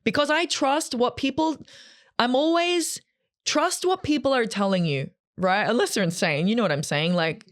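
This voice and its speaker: A woman's voice: fairly high pitch, moderate pace. Rambling, candid woman telling her story. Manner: candid, rambling, emotional, many fillers. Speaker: podcast host. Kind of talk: solo podcast storytelling. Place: green room.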